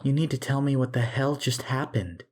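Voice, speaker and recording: A man's voice: sits high, measured pace, fairly bright tone, husky, pitched above the performer's own voice, heavily acted. A man voicing a worried woman, the doctor's wife, who pleads and presses. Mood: anxious. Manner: anxious and pleading.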